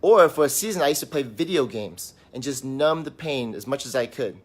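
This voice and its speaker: A man's voice: mid-range voice, expressive, brisk. A man talking candidly in a personal vlog, sitting on a couch at home, in a raw, rambling, emotional way. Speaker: vlog host.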